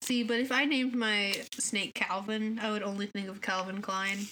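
A teenage girl chatting casually with a friend, giggling often and reeling off names in a flat run. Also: mid-range voice, a little hiss or hum. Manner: giggly, lists names in a rapid deadpan run. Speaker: student. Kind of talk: casual chat.

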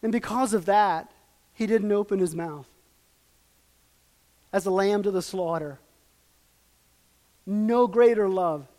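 A man preaching a sermon, moving between loud, emphatic peaks and hushed, quiet passages, acting out lines and asking questions. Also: sits high, takes it slowly, pauses often. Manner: dramatic, acts out quoted lines and asks the audience questions.

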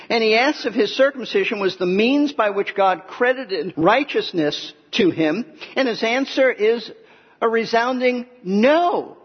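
A man's voice: high voice, slightly rough. A man preaching an expository sermon, earnest and emphatic, explaining scripture step by step. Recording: echoey hall, muffled lo-fi sound.

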